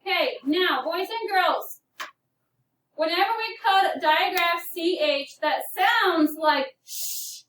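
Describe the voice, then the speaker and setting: An elementary school teacher with an extremely high, slow, slightly bright voice guides her class through phonics, patiently calling on students by name. The distant recording in an echoey room carries a little hiss or hum.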